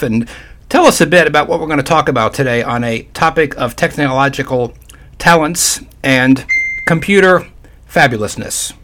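A man's voice: medium pitch, expressive, moderate pace, fairly bright tone. An older man hosting a casual radio talk show, folksy and chatty with playful asides.

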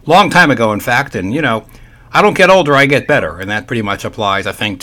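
Older guy hosting a radio talk show, folksy and jokey, bright punchy voice. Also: mid-range voice. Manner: folksy, chatty, playful asides.

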